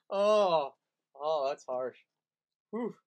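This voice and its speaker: A male host in easygoing comedic banter, with a voice pitched a touch higher than most men. He reads a listener's letter aloud and cracks dry jokes along the way. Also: poor audio.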